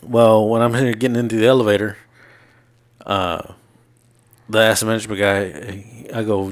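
A man with a fairly low voice talks at a fairly quick clip as he co-hosts a podcast. In loose, profane banter he spins long stories about his week, acting out what people said and laughing through the animated retelling.

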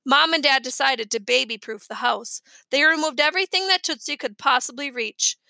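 Bright-voiced woman reading a children's book. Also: sits high, moderate pace, creaky, no echo. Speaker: audiobook reader. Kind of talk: reading a children's novel aloud.

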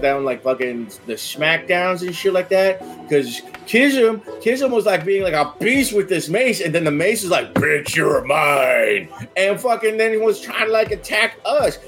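Swearing slangy bro recapping a game. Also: male voice, high-pitched, fairly bright tone. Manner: slangy bro-speak, heavy swearing, constant "like" fillers. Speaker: player recapping a tabletop game session. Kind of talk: casual in-character session recap.

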